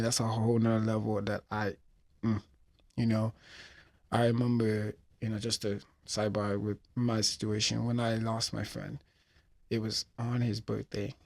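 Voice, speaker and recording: A man's voice: mid-range voice, gravelly, a little mellow. A man hosting a podcast, telling a story in a heartfelt, hesitant way while reflecting on losing a friend. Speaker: podcast host.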